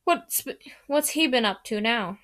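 A man's voice: very high voice, expressive, unhurried, bright, forceful tone, exaggerated voice. A woman reading aloud, voicing a curious young man asking about an old friend.

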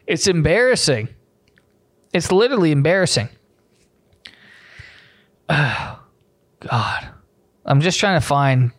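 A man's voice: on the high side, sing-song, slow pace, pauses often, no echo, studio quality. A young man hosting a solo comedy podcast, ranting in a sarcastic, profane, rambling way.

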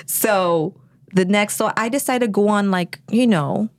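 A woman co-hosting a podcast, telling a story in casual chat, animated and profane, laughing often. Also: mid-range voice, measured pace, no room sound, studio quality. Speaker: podcast co-host.

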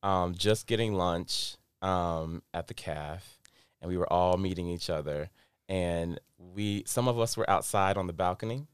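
A young man co-hosting a casual chat show, playful and quick to chime in. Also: low-pitched, clear, resonant tone, no echo, studio quality. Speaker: podcast co-host.

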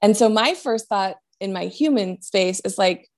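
Speaking at a measured pace in a mid-range voice, a woman offers a medium reading with a soft, comforting manner. Her sentences frequently drift off and restart.

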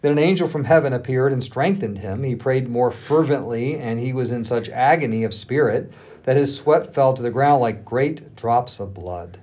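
Man, mid-pitched voice, podcast co-host, steady scripture reading, drops lower at solemn moments. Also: normal speed.

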